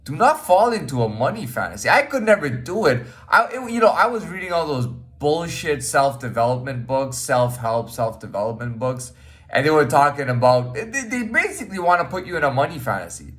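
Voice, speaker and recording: Rambling man with a lively voice. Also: a little high, fairly quick. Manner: rambling, repeats himself, frequent fillers and "man"; blunt, swears casually. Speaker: podcast host. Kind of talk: casual monologue.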